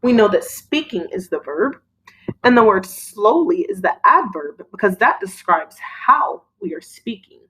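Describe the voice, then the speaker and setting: A woman teacher giving a recorded lesson to children, prompting them with clear, encouraging call-and-response. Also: medium pitch, big pitch swings, unhurried, pushed and bright, slight background noise, poor audio.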